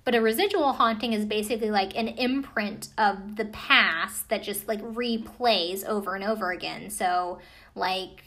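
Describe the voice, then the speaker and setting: A woman's voice: mid-range voice, moderate pace, fairly bright tone. A young American woman giving a casual, skeptical recap with a sarcastic edge and lots of fillers. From United States. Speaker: commentator recapping a ghost-hunting show. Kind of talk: casual chat.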